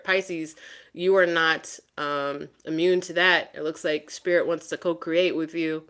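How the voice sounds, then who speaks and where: A woman reads tarot cards for her viewers in a loose, lively way. Her voice sits a little low, and she swears casually and repeats her points for emphasis. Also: moderate pace, smooth. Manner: animated, swears freely, talks straight to the viewer. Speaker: tarot reader. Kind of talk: casual tarot reading to camera.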